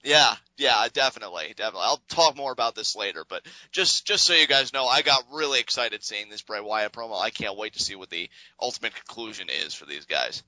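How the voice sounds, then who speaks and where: A man co-hosting a casual wrestling podcast, talking in an animated, sarcastic way and laughing often. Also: lowish voice, a little fast, hardly any pauses, no room sound, low-quality recording. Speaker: podcast co-host.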